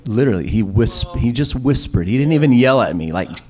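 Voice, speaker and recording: A middle-aged man preaching a sermon. He tells stories with lots of fillers and restarts. He slips into other voices for the people he quotes, his pitch jumping up for each one. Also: a little fast, hardly any pauses. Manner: animated, acts out quoted voices with sudden pitch jumps; storytelling with many fillers and restarts. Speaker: pastor.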